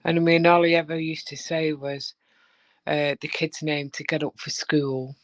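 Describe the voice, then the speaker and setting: A woman chatting as a guest on a live stream, telling animated stories and acting out the voices in them. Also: sits low, moderate pace, no echo. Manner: animated storyteller who acts out voices. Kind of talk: casual chat.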